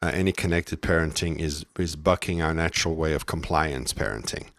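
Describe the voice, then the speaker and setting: A man's voice: rumbling low, fairly even intonation, fairly quick, a bit bright, no echo, studio quality. A man from South Africa co-hosting a parenting podcast, talking in a reflective, self-deprecating way with many restarts. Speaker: podcast co-host. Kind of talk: casual parenting podcast chat.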